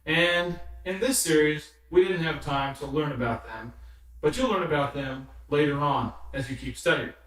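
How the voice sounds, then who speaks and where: In a very echoey room, recorded on a somewhat distant mic, a man with a slightly high, a bit bright voice gives a slow, patient music lesson. He explains notes, rhythms and solfege, counting rhythms aloud and sometimes chanting or singing the syllables.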